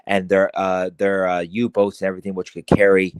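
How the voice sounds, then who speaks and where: Irish guy on a podcast, lowish voice, dry sound, rambly and sweary with lots of restarts. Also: monotone, clear, resonant tone, dry recording. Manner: rambling, heavy swearing, halting restarts and fillers. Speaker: podcast guest. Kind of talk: casual podcast chat.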